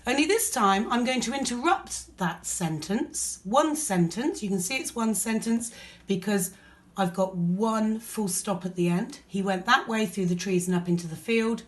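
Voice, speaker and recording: A woman's voice: mid-range voice, normal speed. A woman teacher with an English accent, explaining a lesson patiently step by step. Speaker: primary school teacher.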